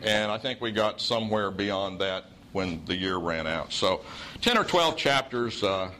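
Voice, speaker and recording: A man's voice: lowish voice, expressive, unhurried, sharp tone, a little hiss or hum, rough recording. Folksy Southern preacher man. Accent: Southern US (Oklahoma). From Oklahoma. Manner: folksy storytelling with dry humor. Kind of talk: sermon.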